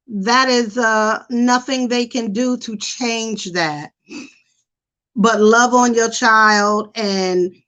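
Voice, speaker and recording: A woman hosting a casual live stream, chatting and reacting in an animated, talkative way. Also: a little high. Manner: chatty, animated, imitates voices for effect. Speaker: host.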